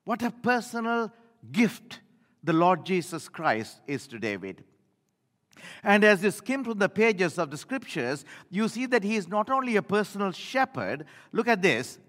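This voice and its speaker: An older man preaching with a high voice and a wide, lively sweep of pitch. He tells stories from the pulpit and drops from ringing declarations to near hushes. His voice carries the long reverb of a church hall. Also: a little slow. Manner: storytelling, swinging from loud to hushed. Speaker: pastor. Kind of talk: sermon.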